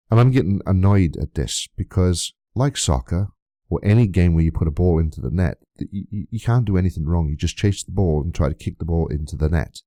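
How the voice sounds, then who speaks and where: A man's voice: sits low, mellow, dry recording, studio quality. A man giving a vlog rebuttal, reading out old messages and asking again and again where the abuse is, indignant and swearing freely. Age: adult, long friendship of nearly twenty years. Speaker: YouTuber.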